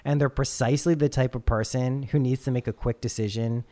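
A man in his thirties from the United States, a podcast host telling stories in casual chat, animated and full of swearing. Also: mid-range voice, brisk. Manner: profane, animated storyteller.

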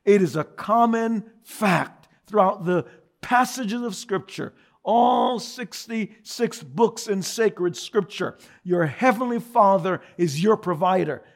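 A man preaching a sermon as pastor, swinging from loud emphatic repetition to quiet dramatic storytelling. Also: sits high.

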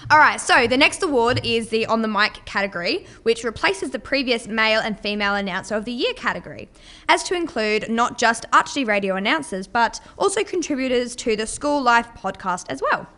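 A woman's voice: fairly high pitch, lively intonation, fairly quick, bright, forceful tone. A young woman hosting an awards show with a cheerful, upbeat delivery. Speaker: awards host.

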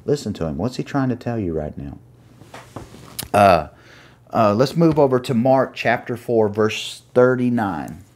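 A man preaching an earnest sermon, pausing to find his place and reading scripture aloud. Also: on the low side, lively intonation, a little mellow. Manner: earnest, reads scripture aloud with pauses while finding pages.

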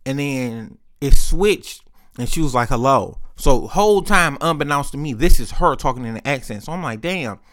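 Smooth-voiced young man telling stories. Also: mid-range voice, animated, normal speed, a bit bright. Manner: candid, profane, rambling. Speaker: podcast host. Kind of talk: casual storytelling.

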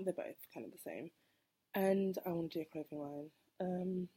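A woman's voice: low voice, warm tone, breathy edge. A woman in her twenties, hosting a casual solo podcast, rambling, correcting herself and laughing often. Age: 20s. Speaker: podcast host.

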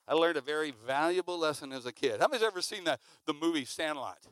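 A man preaching a sermon, telling a story with lively acted-out sounds and sudden shouts. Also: on the high side, fairly quick, clean tone, no echo. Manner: animated, acts out sounds and shouts.

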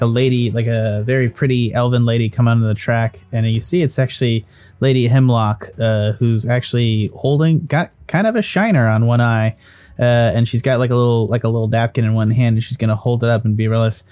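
A man's voice: medium pitch, a little fast, darkish tone. Man running a tabletop game, rambling. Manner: loose, rambling with frequent restarts and swearing. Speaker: game master. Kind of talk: narrating a tabletop game, casual banter.

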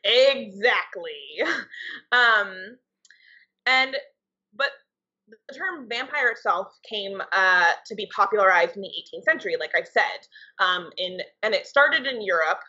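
Woman co-host, young adult, chatty explainer with a bright, slightly husky voice. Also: mid-range voice, expressive, measured pace. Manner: loose, conversational explainer. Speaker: podcast co-host, writer and editor. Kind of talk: casual podcast chat. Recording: dull lo-fi podcast audio.

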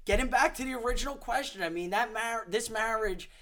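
A man's voice: extremely high pitch, a little fast, sharp tone. A man hosting a podcast who interviews his guest with enthusiastic, repetitive chatter. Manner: enthusiastic, repeats words, fillers. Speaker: podcast host. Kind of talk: casual interview.

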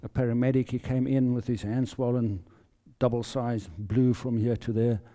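A South African man shares a faith testimony in a deep, very mellow tone. He speaks earnestly and haltingly, often repeating words as he feels his way through the story. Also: flat delivery. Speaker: lay preacher giving testimony. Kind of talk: personal testimony in a sermon.

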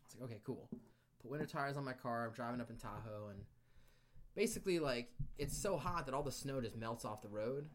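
A man's voice: mid-range voice, fairly quick. Man telling a swear-filled story. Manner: animated, swears freely, acts out quotes. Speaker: podcast guest. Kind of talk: casual storytelling.

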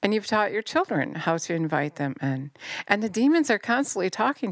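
A middle-aged woman giving an impassioned sermon, fervent and scolding, swinging from near-shouts down to low intense tones. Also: very animated, brisk, dry recording. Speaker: preacher.

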